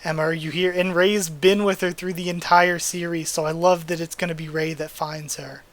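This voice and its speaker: A man's voice: a little high, flat delivery, normal speed. Emotional man gushing over a manga. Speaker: manga readthrough host. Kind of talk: casual reading and commentary.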